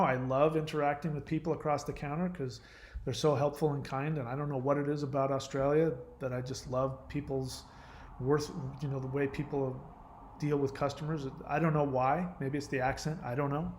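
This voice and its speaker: A man's voice: fairly high pitch, fairly even intonation, brisk. A middle-aged man from the United States talking in a casual monologue, rambling, blunt and profane, often hedging that he doesn't know. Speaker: host.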